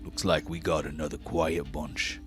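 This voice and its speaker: A man voicing a brutish red-skinned male dwarf thug who speaks slowly and scoffingly. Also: very deep voice, flat delivery, music in the background. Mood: scornful. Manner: scoffing, gruff, slow.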